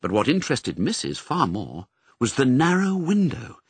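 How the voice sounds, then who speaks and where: A man narrating a children's novel in an expressive, measured storytelling voice. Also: medium pitch, husky, no room sound. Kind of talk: audiobook narration.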